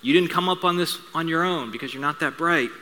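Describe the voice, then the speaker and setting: A man preaching, acting out a calm, patient male teacher speaking quietly. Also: fairly high pitch, fairly quick, slight background noise. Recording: reverberant hall sound.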